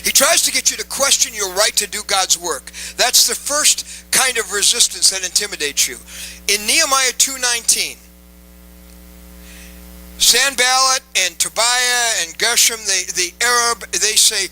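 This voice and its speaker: A man's voice: high-pitched, measured pace, pushed and bright, low-quality recording. A man preaching a sermon to a live audience, emphatic and repeating key phrases, coaxing the crowd to respond.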